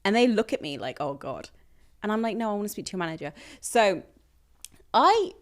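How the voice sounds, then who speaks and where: A woman's voice: medium pitch, fast talker. A young woman co-hosting a podcast, telling a story in casual chat and playfully mimicking the staff she spoke to. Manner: lively, playful, mimics staff in quoted dialogue. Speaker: podcast co-host.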